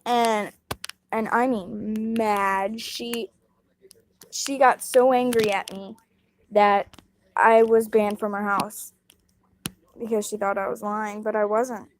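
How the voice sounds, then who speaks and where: A woman's voice: mid-range voice, flat delivery, takes it slowly, pauses often, a little hiss or hum. A young woman casually telling a personal story, rambling and acting out what others said. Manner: rambling, retelling dialogue with quoted voices.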